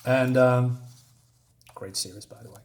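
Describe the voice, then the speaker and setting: A man's voice: medium pitch, fairly even intonation, unhurried. A man casually reviewing a comic book, chatty and chuckling at his own jokes, with lots of fillers.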